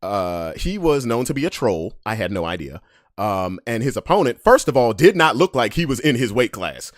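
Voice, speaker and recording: Man, podcast host, storytelling, very lively pitch, dry close sound. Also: moderate pace, dry recording. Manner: animated, acts out voices, swings from hushed to yelling.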